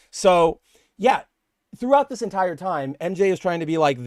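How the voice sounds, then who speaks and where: A man's voice: on the high side, lively intonation, brisk, no room sound, studio quality. A young man co-hosting a casual comic book podcast, talking in long rambling stretches and acting out characters' lines. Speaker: podcast co-host.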